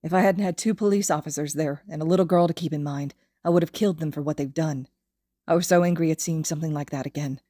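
A woman's voice: low-pitched, fairly even intonation, fast talker, mellow, dry recording. A woman reading a weary young hero. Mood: anguished. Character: young adult male hero, weary and protective.

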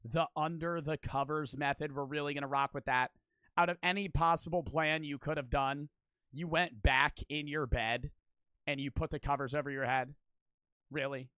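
A young man streaming his reactions to a video, joking loudly and swearing, breaking into laughs and shouts. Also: on the high side, steady tone, normal speed, smooth, no room sound. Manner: loud, profane, joking, bursts into shouts and laughs. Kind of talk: casual reaction commentary.

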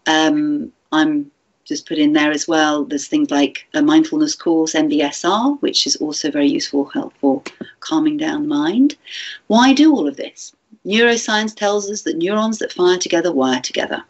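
A woman giving a gentle, chatty teacher training talk, with fillers and restarts. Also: low-pitched, moderate pace, highs cut off.

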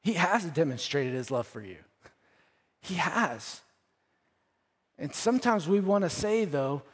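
Earnest pastor guy preaching slow, kinda high voice, big church hall echo. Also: lively intonation, slightly rough. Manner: earnest, repeats phrases, swells then drops soft. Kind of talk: sermon. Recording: church hall with long reverb.

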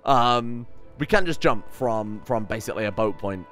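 A man's voice: lowish voice, lively intonation, normal speed, a bit bright, soft background music. A man giving casual, chatty commentary while playing a video game, thinking aloud and swearing freely. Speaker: let's play host.

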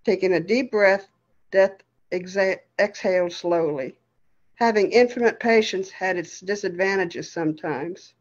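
Woman storyteller, steady expressive reading, slightly muffled sound. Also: mid-range voice.

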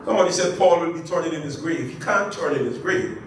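A pastor leading a Bible study, lively and joking, asking the congregation to finish his phrases. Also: a little high, fast. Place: church. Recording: echoey church room, far from mic, faint hiss.

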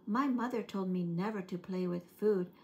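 A woman voicing a friendly, playful young male panda bear in a picture-book story, sounding bright and eager. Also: mid-range voice, moderate pace, lightly acted.

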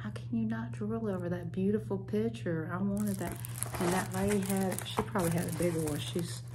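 A woman chatting excitedly to her viewers at home, gushing and drawn-out in her exclamations. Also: medium pitch, background noise. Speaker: hobby vlogger. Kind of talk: casual chat to viewers.

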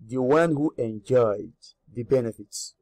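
A man teaching a grammar lesson. He repeats each word slowly, gives its English meaning and asks the learner questions. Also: medium pitch, a little mellow, dry recording. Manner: repeats Arabic words slowly, then glosses them in English. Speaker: Arabic teacher.

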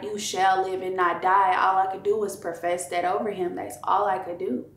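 A woman earnestly telling the story of her son's accident in an interview, her faith showing, her voice trailing off softly at times. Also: mid-range voice, creaky, echoey room. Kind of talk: emotional casual storytelling.

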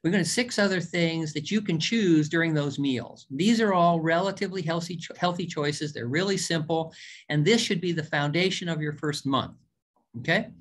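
A man's voice: a little high, moderate pace. A man giving an informal diet lecture as a doctor, talking in a folksy, emphatic way, joking and repeating words for emphasis.

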